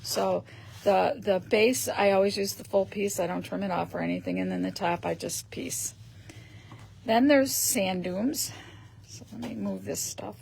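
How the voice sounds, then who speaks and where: Slow, gravelly woman showing a paper craft. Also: medium pitch, darkish tone, a little hiss or hum. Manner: chatty, thinks aloud, clears throat often. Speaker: host of a craft shop live stream. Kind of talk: casual demonstration on a live stream.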